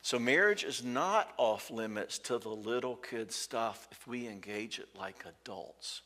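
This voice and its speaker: At a marriage conference in a church hall, a man talks conversationally in a mid-range, bright voice with a forceful, expressive edge and a measured pace. He acts out quoted dialogue and checks in with the crowd, and the hall's reverb carries through.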